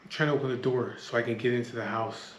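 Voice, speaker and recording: A man's voice: medium pitch, fairly even intonation, fast, roomy sound, dull audio. A man telling a tense personal story in casual speech, blunt and full of swearing, often restarting his sentences. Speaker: storyteller recounting a street standoff.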